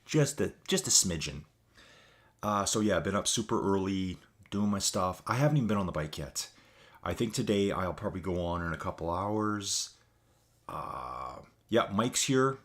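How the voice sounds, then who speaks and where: A man's voice: low voice, lively intonation, moderate pace, a bit bright. A tired man hosting a casual live stream, chatting loosely with viewers and calling them folks. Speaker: livestream host. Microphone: desk mic with adjustable gain.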